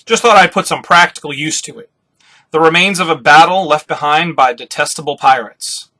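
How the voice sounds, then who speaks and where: A calm navy admiral brushes things off in an easy, offhand tone, as a man reads his lines aloud from a comic. The voice is bright and a little higher than ordinary. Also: moderate pace, low-quality recording.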